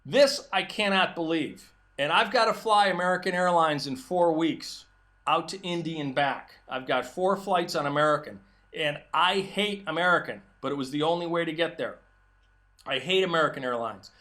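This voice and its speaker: A middle-aged man speaks with a high, forceful, bright voice. He rants emphatically through a solo commentary monologue, combative and insistent, hammering each point home. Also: normal speed. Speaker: political commentary host. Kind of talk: opinion monologue.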